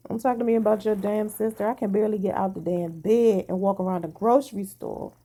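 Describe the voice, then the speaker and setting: A woman's voice: medium pitch, fairly even intonation, a little fast, mellow. A woman vlogger venting to her viewers in casual talk, blunt and emphatic, swearing freely, sounding tired.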